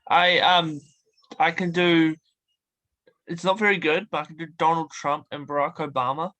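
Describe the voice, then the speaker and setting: Guy hosting a podcast, kinda high bright voice, laid-back. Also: moderate pace. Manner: relaxed, short affirming replies. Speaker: podcast host. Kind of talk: casual interview chat.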